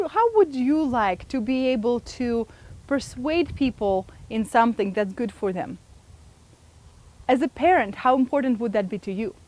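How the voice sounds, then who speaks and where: A woman presenting a communication workshop, engaging the audience with frequent questions. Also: on the high side. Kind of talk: live seminar talk to an audience.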